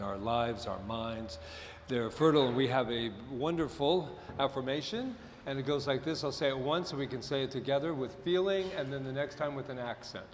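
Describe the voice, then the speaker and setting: A man serving as minister, talking casually and jokingly to his congregation during a Sunday service. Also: mid-range voice. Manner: chatty and joking, rambles off-topic. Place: church sanctuary with a congregation. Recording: reverberant hall, faint background noise.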